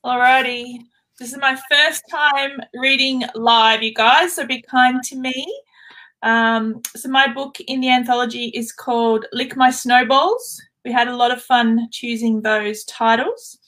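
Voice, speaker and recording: Australian woman, guest author, casual chat and reading, higher voice. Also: unhurried, a bit bright.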